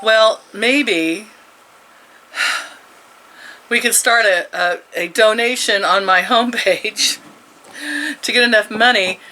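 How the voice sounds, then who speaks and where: A woman's voice: mid-range voice, sharp tone, a little hiss or hum, rough recording. A woman in her sixties chatting casually at home, rambling and chuckling often. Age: 60s. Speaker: vlogger. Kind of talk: casual chat.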